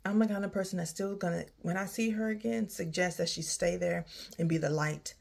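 A woman's voice: lowish voice, fairly quick, vocal fry, a little mellow. Sighing woman venting in a vlog. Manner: heartfelt, sighing, drifting into faith talk. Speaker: vlogger. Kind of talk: candid personal vlog. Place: outdoors near her home, rain starting.

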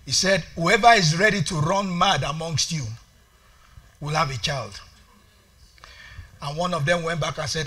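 A man preaching a lively church sermon as pastor. His voice sits high and sounds piercingly bright. He swings between booming shouts to the congregation and hushed storytelling. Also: normal speed, pauses often. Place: church sanctuary.

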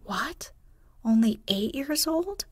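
A woman reading the part of a stern, indignant housekeeper in a slow, soft bedtime storybook voice. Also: medium pitch, natural voice. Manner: severe, questioning.

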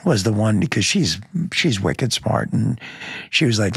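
A man's voice: fairly low pitch, animated, measured pace, creaky, slightly rough, dry recording, clean studio sound. A middle-aged man, a police lieutenant, speaking as a podcast guest in an earnest, blunt, plainspoken way, with some mild cursing. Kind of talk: candid interview storytelling.

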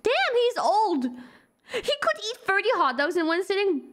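Lively, high-pitched excitable woman streamer. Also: moderate pace. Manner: excitable, gasping, reads card text aloud with playful reactions. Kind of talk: game stream commentary.

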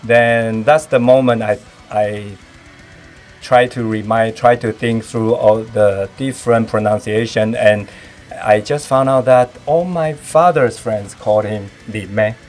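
A man from Taiwan with a Taiwanese accent, Taiwanese Hokkien his first language, talking as a podcast guest in casual chat, halting and reaching for words with many fillers. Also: lowish voice, fairly even intonation, a little mellow, soft background music.

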